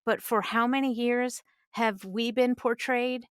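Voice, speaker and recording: A woman, a singer and voice actress, chatting as a podcast guest, animated and laughing often. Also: a little high, a little slow, smooth, no room sound, studio quality. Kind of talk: casual interview chat.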